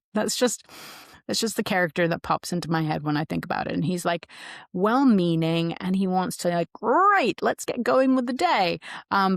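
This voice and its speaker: A woman's voice: on the low side, gravelly, no echo, studio quality. A woman hosting a solo podcast, explaining sleep habits in a chatty way with playful asides. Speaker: podcast host.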